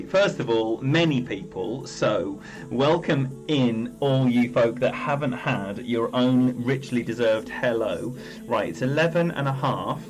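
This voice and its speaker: Male streamer, chatty live game commentary, mid-pitched, soft music bed. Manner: chatty, rambling, greets viewers by name.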